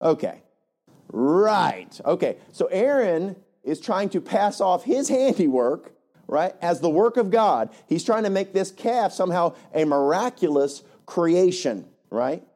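Pastor, man, chatty and animated delivery, warm-toned, leans on "right?". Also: high-pitched, unhurried. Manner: animated, conversational, frequent "right?". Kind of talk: sermon.

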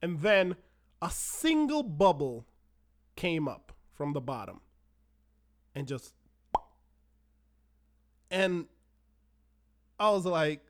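A man hosting a podcast, telling a personal story in an animated, self-mocking way with dramatic pauses. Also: fairly high pitch. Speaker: podcast host. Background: faint background music.

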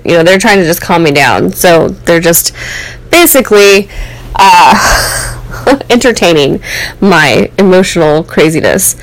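A woman's voice: on the low side, unhurried, low-quality recording. A young American woman, host of the show, telling a personal story in a candid, rambling way full of "like" and "um". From United States. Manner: candid, rambling, many fillers and "like".

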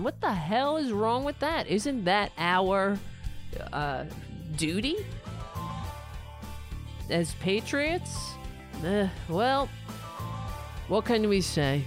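A woman's voice: mid-range voice, big pitch swings, very slow, pauses often, faint music behind. A woman hosting a political livestream, ranting sarcastically with plenty of profanity and answering viewers' chat messages. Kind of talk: casual livestream commentary.

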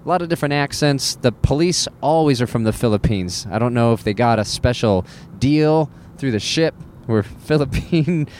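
A male comedian rants sarcastically in a middle-pitched voice and keeps jumping up into high disbelieving tones. A faint noise hangs under the recording. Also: moderate pace. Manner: animated and sarcastic, jumps into high incredulous squeaks. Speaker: cruise ship entertainer. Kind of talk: comic storytelling rant.

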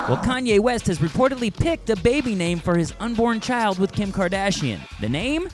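A man's voice: high voice, big pitch swings, normal speed, hardly any pauses, music in the background. A man hosting a comedy podcast, delivering jokes playfully and chatting with a guest. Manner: jokey, playful delivery with put-on quotes. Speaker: podcast host. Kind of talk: comedic monologue and interview chat.

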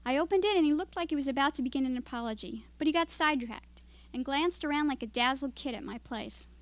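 A woman with a high, light voice reads her own first-person story aloud at a writers' evening. Her delivery is steady and measured, carrying the narration evenly. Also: dry recording. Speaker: writer reading her work. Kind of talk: reading fiction aloud. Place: literary reading event.

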